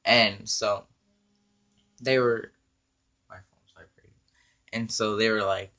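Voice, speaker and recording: A man telling an animated, profane story in a storytime vlog, acting out the dialogue. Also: lowish voice, slow. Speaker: vlogger.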